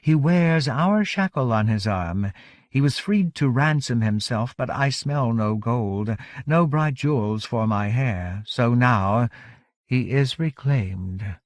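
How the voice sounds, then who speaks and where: An ancient, cold water nymph voiced by a man speaks slowly and resoundingly, stretching each word. She is not harsh, only inevitable. The reading is close and dry, as in a recording booth. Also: medium pitch, expressive, no echo. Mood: possessive.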